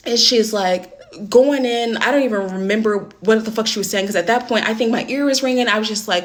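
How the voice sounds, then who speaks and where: A woman's voice: on the high side, fairly quick. A young adult woman telling a personal story to camera in a casual storytime vlog, candid and blunt, swearing often and filling with "like". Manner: candid, heavy swearing, many "like" fillers.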